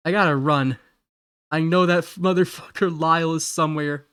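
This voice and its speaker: A man's voice: a little high, fairly even intonation, normal speed, a bit bright, clear, resonant tone, no echo, clean studio sound. A man from Ohio chatting casually while streaming a game, rambling, giggly and correcting himself as he goes. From Ohio, USA. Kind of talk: casual live-stream chat.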